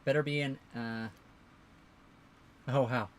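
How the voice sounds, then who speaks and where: A man's voice: medium pitch, steady tone, takes it slowly, slight background noise. A man co-hosting a casual livestream, rambling through answers to viewer questions. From Canada. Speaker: livestream co-host.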